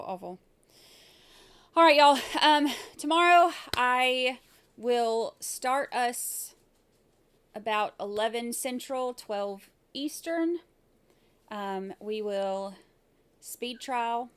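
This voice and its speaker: A woman's voice: on the high side, expressive, slow pace, a bit bright, smooth. A woman hosting a casual livestream about a trial, talking in a chatty, rambling way with lots of fillers. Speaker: host of a live trial commentary stream.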